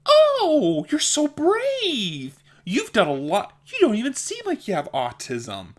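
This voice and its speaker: A man's voice: very high-pitched, huge pitch swings, takes it slowly, voice pushed up, exaggerated voice. A man mimicking a patronizing adult who talks down to someone as if to a puppy, in a sugary, sing-song voice. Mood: gushing.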